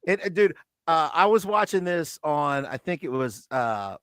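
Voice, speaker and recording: A male podcast co-host with a notably high voice talks in loose, animated chat, filling his story with "like" and quick laughs. The sound is dry and close, with no room around him. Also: smooth, no room sound. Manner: animated retelling with frequent laughs and fillers. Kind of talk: casual chat.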